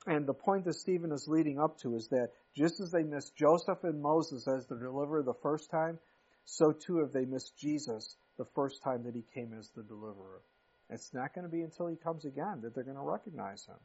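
A man's voice: fairly high pitch, brisk, a little mellow, breathy edge. A pastor in his fifties preaching a sermon in a conversational way, with sudden emphatic rises. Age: 50s. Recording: muffled lo-fi recording.

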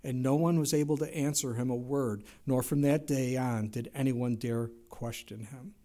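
A middle-aged man preaching a sermon, telling stories in an animated way and jumping his voice up for quoted lines. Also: mid-range voice, normal speed. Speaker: pastor.

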